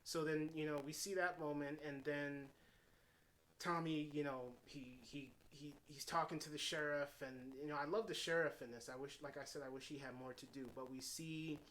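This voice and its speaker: A man's voice: a little high, fairly even intonation, moderate pace, a bit bright, slight background noise. A man giving a casual, unscripted movie review, retelling scenes in his own paraphrased quotes with plenty of fillers and restarts. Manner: rambling, heavy on fillers and restarts.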